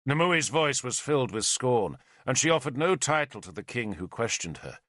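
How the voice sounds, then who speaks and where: A man narrating an audiobook in a dramatic, measured storytelling way. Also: mid-range voice, big pitch swings, a bit bright, dry recording, clean studio sound.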